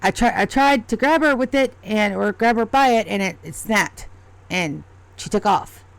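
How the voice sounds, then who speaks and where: A woman's voice: mid-range voice, normal speed, vocal fry, no echo, natural voice. A woman voicing a timid small male goblin who has lost his cat, pleading and stammering.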